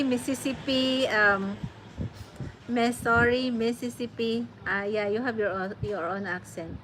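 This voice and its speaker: A middle-aged woman with a Filipino accent chats casually with her viewers, laughing often and restarting her sentences. Her voice sits a little high and she talks slowly. A steady hiss of noise runs under the recording. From Philippines. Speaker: vlogger chatting with viewers. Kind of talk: casual chat. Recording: noisy home recording.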